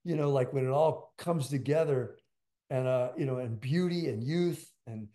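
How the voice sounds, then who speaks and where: An older man, a drummer, telling stories as an interview guest in a rambling, animated way with lots of fillers. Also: mid-range voice, moderate pace. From United States. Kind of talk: storytelling interview.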